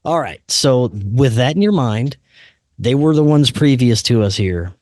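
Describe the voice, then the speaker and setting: A man hosting a podcast, telling a personal story in an animated, slangy way and often saying "man" and "dude". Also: mid-range voice, a little slow, no room sound, studio quality. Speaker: podcast host. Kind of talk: casual storytelling.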